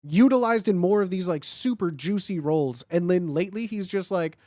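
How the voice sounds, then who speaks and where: Guy chatting on a stream, kinda high voice, rambles a ton, dry sound. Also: expressive, dark tone, dry recording. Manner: rambling, with lots of filler words, and quick laughs. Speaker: guest on a livestream. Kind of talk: casual chat.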